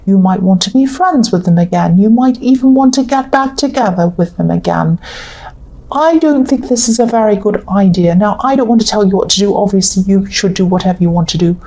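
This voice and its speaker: A woman giving a love tarot reading, earnest and repetitive, her voice tired and croaky. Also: mid-range voice, fairly quick, dark tone, low-quality recording. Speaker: tarot reader.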